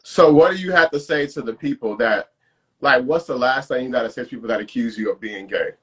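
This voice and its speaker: A man's voice: medium pitch, brisk, a bit bright. A man co-hosting a live stream, asking questions in casual chat with lots of hesitant fillers. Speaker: co-host on a dual live stream.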